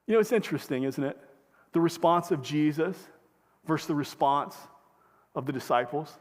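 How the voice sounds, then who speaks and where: A man's voice: a little high, moderate pace, big-room sound. A male pastor preaching a sermon in a conversational way, often asking the congregation questions. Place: church sanctuary.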